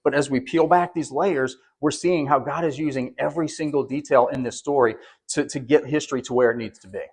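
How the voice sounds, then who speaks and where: A pastor preaching a sermon, conversational and often restarting words, then building to emphatic peaks. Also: male voice, mid-range voice, fairly even intonation, fairly quick, a little mellow, slightly rough.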